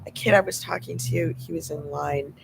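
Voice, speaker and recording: A man's voice: a little high, fairly even intonation, moderate pace, creaky. Rambling, swearing man on a noisy phone stream. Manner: rambling, swearing, often drops to a mumbled whisper. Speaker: livestreamer. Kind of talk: casual live stream monologue. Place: outdoors on a street at sunset. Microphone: phone camera.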